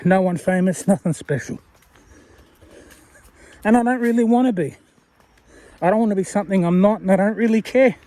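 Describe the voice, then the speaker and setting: A man's voice: sits high, moderate pace, long pauses, mellow. Rambling Australian man chatting on a walk. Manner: rambling, chatty, self-deprecating, addresses viewer directly. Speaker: vlogger. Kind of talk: casual walking vlog talk. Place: outdoors walking along a road.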